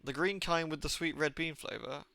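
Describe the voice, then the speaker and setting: A man's voice: a little high, moderate pace, vocal fry, sharp tone, dry recording. A young man with a mix of Birmingham and Southwest English accents, chatting and joking while he streams a game. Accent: mix of Birmingham and Southwest England. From England. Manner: chatty, jokey, laughs often. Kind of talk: casual gaming commentary.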